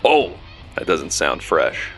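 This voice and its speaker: Very deep conspiratorial man. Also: very animated, slow, fairly bright tone, faint music behind. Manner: conspiratorial, coaching. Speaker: improv performer playing a shady fixer. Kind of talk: improv comedy scene.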